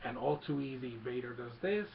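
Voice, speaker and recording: A young man casually retelling a film as a fan, excited and rambling, with many fillers and restarts, on a muffled recording with a faint hum. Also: mid-range voice, a little fast, gravelly.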